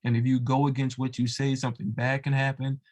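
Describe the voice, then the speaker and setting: Fast and level in tone, a man's mid-range, darkish voice carries a casual retelling of a devotional folk tale. He is a storyteller of religious tales and wanders through it loosely, using lots of fillers and asides.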